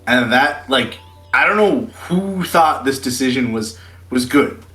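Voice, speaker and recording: A young man co-hosting a podcast, chatting casually and excitedly and swearing freely. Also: medium pitch, a little slow, reverberant, faint music behind, rough recording. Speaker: podcast co-host. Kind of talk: casual chat.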